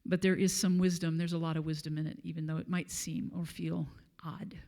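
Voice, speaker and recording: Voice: mid-range voice, little pitch movement, fairly quick, gravelly, a little mellow. A guest speaker giving a conversational sermon at a church service, telling a story with frequent fillers and chuckles.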